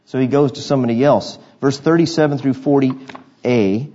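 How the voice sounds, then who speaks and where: A man with a husky, slightly breathy voice preaches a sermon, moving between scripture reading and conversational asides. He keeps asking his congregation rhetorical questions. The recording sounds dull and lo-fi. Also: mid-range voice, a little fast, mellow. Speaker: pastor. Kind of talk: expository sermon.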